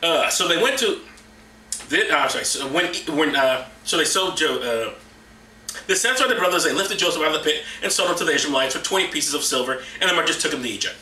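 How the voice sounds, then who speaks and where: Sarcastic male comedy reader, lively pitch, very bright tone, echoey room at a distance. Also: fast talker, slight background noise. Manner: mocking, jumps into silly high voices for characters. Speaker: comedy vlogger. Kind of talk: sarcastic bible reading commentary.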